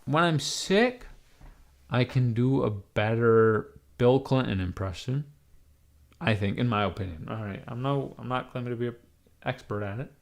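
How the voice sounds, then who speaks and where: Raspy, hoarse young man rambling on stream. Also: mid-range voice, animated, normal speed. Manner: rambling and irreverent, trailing off with fillers. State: hoarse from being sick. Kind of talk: casual live-stream rambling. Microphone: webcam mic.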